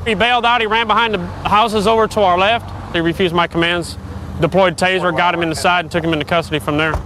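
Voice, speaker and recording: A male police officer with a high voice talks fast outdoors at a crash scene, describing a chase and arrest. He speaks in a plain, matter-of-fact way, without fuss. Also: fairly even intonation, pushed and bright, a little hiss or hum, low-quality recording. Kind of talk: explaining an arrest to camera.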